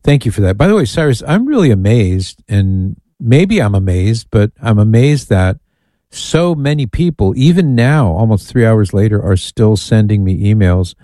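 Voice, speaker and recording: A man's voice: fairly low pitch, sing-song, moderate pace, warm tone, no room sound. A man hosting a call-in radio show, playfully reading out lists with amused asides. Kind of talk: casual talk radio.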